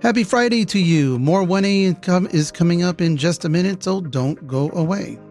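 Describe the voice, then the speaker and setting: A man's voice: sits high, normal speed, darkish tone, soft background music. A man filling in as a radio host, reading the weather and station breaks in an upbeat, friendly way. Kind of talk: scripted radio announcements and weather.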